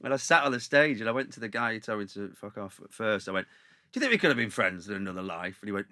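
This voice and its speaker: A man, a comedian, casually telling an animated, laughing anecdote. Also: mid-range voice, quick pace, a crowd in the background. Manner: animated storytelling with laughter and shouted impressions. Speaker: comedian guest.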